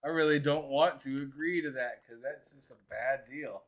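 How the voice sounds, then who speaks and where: Teasing man trash-talking a friend. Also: medium pitch. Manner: teasing, laughing, halting restarts. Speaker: podcast co-host. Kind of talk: casual trash talk with a friend.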